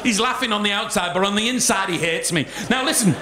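A man's voice: high voice, background noise. A man doing stand-up in a theatre, teasing a volunteer from the audience. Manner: teasing, quick ribbing of a volunteer. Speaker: stand-up comedian and magician. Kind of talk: live stand-up comedy with audience banter. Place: large theatre stage. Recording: live theatre show with audience laughter.

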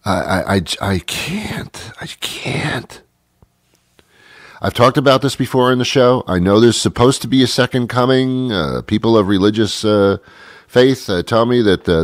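A man's voice: on the low side, dry recording, studio quality. A man hosting a talk show, musing aloud in a rambling monologue with frequent stammered restarts, while he has a cold.

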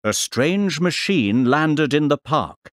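A man playing a professor who tells children what he saw, in a slow, clear and very expressive storytelling voice. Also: fairly high pitch, no echo, clean studio sound. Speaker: voice actor on a course audio CD. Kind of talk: scripted storytelling for young learners. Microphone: close studio mic, dry.

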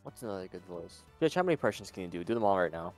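A man's voice: low voice, sing-song, very fast, a little mellow, soft background music. A man joining a gaming stream for casual chat, trading crude, teasing banter. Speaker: stream guest.

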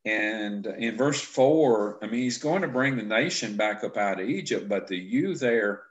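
A man with a fairly low voice walks through scripture verses in an easygoing teaching chat. He explains step by step and often restarts his sentences as he thinks aloud. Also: muffled recording. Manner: explanatory, halting with frequent restarts. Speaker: Bible class instructor. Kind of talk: casual scripture teaching discussion.

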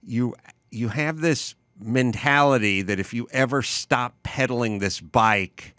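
A man's voice: medium pitch, unhurried, a bit bright, dry recording, studio quality. A middle-aged man hosting a podcast, telling rambling jokey stories in casual chat. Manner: joking, rambling storyteller. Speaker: podcast host.

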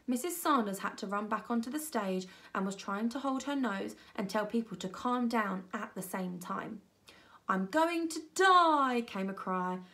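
A woman reading a children's novel aloud at a primary school with expressive storytelling. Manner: expressive storytelling, voicing children with raised pitch. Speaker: reader.

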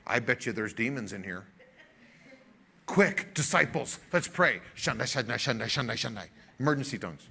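A pastor voicing a jumpy male believer who hears demons everywhere and mutters emergency prayers in a low hush. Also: expressive, normal speed, gravelly. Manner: hushed, muttering, jokey. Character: mock fearful preacher, male, frantic about demons.

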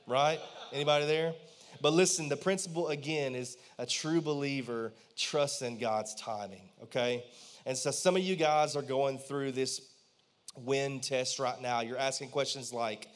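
A man's voice: mid-range voice, measured pace. A man, preaching a conversational sermon in church and often asking the congregation questions. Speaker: pastor.

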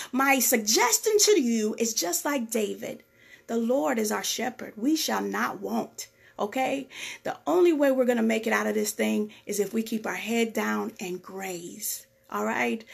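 A woman's voice: high voice, breathy edge. A woman minister giving a short devotional sermon in a conversational way, repeating phrases and often checking in with "okay?". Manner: conversational, keeps asking "okay?".

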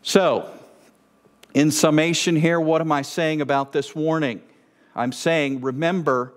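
A higher-pitched male Bible teacher. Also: steady tone, unhurried. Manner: conversational and emphatic, with playful rhetorical questions. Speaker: Bible teacher and show host.

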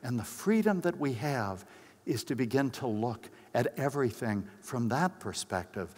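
An older man preaching at a conference in an easy, conversational way, slipping into other voices for the people he quotes. His voice sits at a middle pitch. It rings out with the long reverb of a big hall. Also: animated, moderate pace, a little mellow. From United States. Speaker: pastor. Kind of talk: conference sermon with personal stories.

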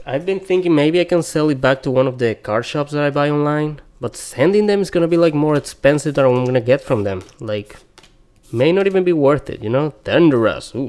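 A man opening trading card packs on camera, rattling off card names in casual, excitable commentary and repeating words. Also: mid-range voice.

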